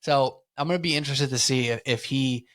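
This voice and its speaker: A man's voice: medium pitch, fairly quick, fairly bright tone. Young man, slangy casual sports-podcast co-host. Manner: laid-back, slangy, lots of "like" and "man".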